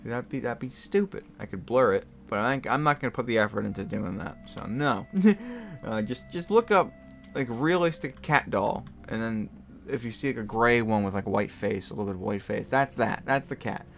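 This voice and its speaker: A man's voice: mid-range voice, normal speed, creaky. A young man hosting a gaming video, telling a rambling story with lots of fillers and frequent laughter. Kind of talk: casual storytelling while playing a game.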